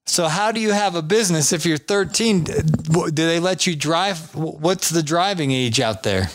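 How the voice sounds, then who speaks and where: A man's voice: a little high, a little slow, no echo. A man hosting a podcast interview over a remote call, chatty and jokey, rambling with restarts. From United States. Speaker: podcast host. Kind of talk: casual interview chat. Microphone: remote call over a social app.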